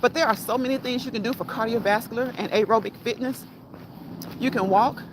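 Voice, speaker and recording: A woman's voice: fairly high pitch, fairly quick. Chatty woman livestreaming outdoors while walking. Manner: chatty, reads and answers live chat, laughs often. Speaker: fitness livestream host. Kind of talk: casual walk-and-talk livestream. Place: outdoors on a walk. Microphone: phone held while walking. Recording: outdoor phone audio with loud background noise.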